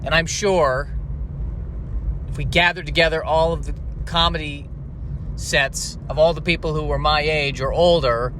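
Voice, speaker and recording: A comedian rambling wryly while he drives, his voice a touch high. He sounds exasperated and offhand, and a faint hum sits behind him. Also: steady tone, a little slow, pauses often, fairly bright tone. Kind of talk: casual comedic monologue. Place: in a car while driving.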